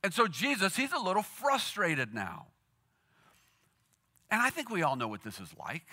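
A male pastor delivers a sermon as a casual, animated story, often slipping into the voices of his characters. His voice is bright and forceful. His pitch rides high and swoops widely from phrase to phrase. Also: normal speed. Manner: animated, conversational storytelling with acted quotes.

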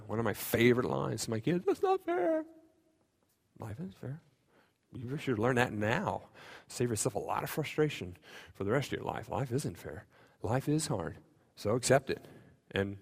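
Male pastor, mid-pitched, chatty sermon style with jokes at his own expense, echoing church hall. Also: creaky, a bit bright, husky. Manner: conversational, self-deprecating humor. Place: church sanctuary. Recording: long reverb of a church hall.

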